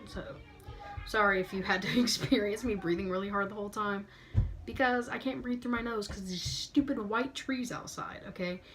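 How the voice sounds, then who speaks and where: A woman's voice: mid-range voice, steady tone, moderate pace, fairly bright tone, slight background noise. A young woman in her late teens giving a bubbly, sassy tour of her bedroom, her nose stuffed up so she breathes hard. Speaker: beauty vlogger. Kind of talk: casual room tour chat.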